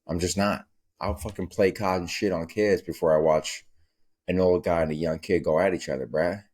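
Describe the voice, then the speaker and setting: A man's voice: low-pitched, steady tone, normal speed, darkish tone. A young man hosting a casual solo podcast, telling stories in a profane, rambling way. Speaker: podcast host.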